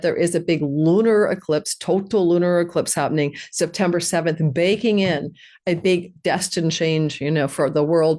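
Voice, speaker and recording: A woman giving an informal astrology presentation over a video call, chatty and digressive with quick asides. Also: lowish voice, a little mellow. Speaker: astrologer guest speaker.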